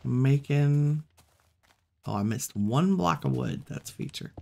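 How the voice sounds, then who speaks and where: A woman hosting a relaxed let's-play, musing aloud and chatting to the animals she meets in the game. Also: rumbling low, slow, creaky, a little hiss or hum. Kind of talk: relaxed gameplay commentary.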